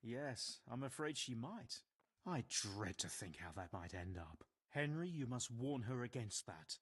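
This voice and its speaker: A learned monk in a video game, earnest and worried,. His speech is formal and measured, with a slightly husky tone. His pitch moves a lot as he explains. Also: very animated. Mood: grave.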